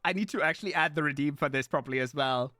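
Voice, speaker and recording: A man streaming live in casual chat, playful and animated, jumping from excited squeals to low mutters. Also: quick pace, no echo.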